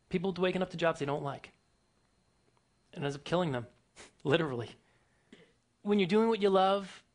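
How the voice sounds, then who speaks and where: A man giving a motivational speech to an audience, emphatic and full of rhetorical questions and stories. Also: high voice. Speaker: motivational speaker.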